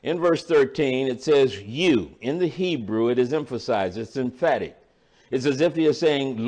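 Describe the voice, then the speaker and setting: An older man preaching a sermon, slow and emphatic, repeating key words for weight. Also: fairly high pitch, expressive.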